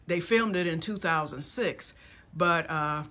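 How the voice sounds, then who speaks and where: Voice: mid-range voice, measured pace, bright, forceful tone. A vlogger in their fifties, chatting casually to camera outdoors in a wooded yard and jumping between topics. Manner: rambling, jumps between topics.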